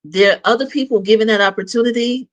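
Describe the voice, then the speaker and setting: A man's voice: high voice, fast, a bit bright, lo-fi sound. A man hosting an interview, speaking in an earnest, affirming way to his guest. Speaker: host. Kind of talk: interview chat.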